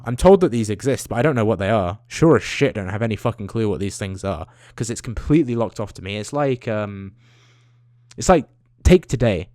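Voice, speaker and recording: A man's voice: fairly low pitch, darkish tone, dry recording, clean studio sound. A young man, ranting into the camera, swearing often and trailing off into tangents. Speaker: vlogger. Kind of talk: profane rambling rant.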